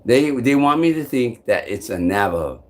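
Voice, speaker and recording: During a live-stream vlog, this man rambles with restless energy, curses regularly, and flips between loud outbursts and low mumbling. He sounds expressive at a normal speed.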